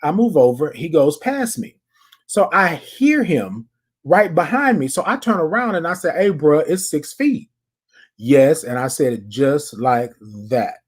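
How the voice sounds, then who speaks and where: A podcast host telling a story casually, animated, repeating phrases and talking straight to the listeners. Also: mid-range voice, unhurried, breathy edge.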